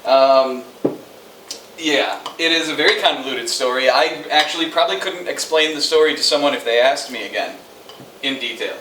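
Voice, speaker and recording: A man's voice: medium pitch, normal speed, pushed and bright, slight background noise. A man casually reviewing a movie with a co-host, rambling and sarcastic, with lots of fillers. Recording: echoey room, mic at a distance.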